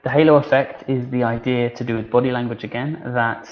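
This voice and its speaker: A man giving an online teacher-training webinar in a relaxed, conversational way, with frequent fillers and restarts. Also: medium pitch, a little fast, highs cut off.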